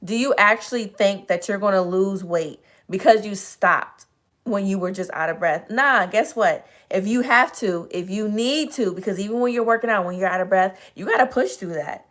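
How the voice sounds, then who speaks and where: A woman hosting a relaxed motivational livestream, speaking in an easy, chatty way to her viewers. Her voice is slightly hoarse and sits at a middle pitch. She encourages the audience earnestly and breaks off to greet people by name. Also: moderate pace. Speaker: livestream host. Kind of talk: casual motivational livestream talk.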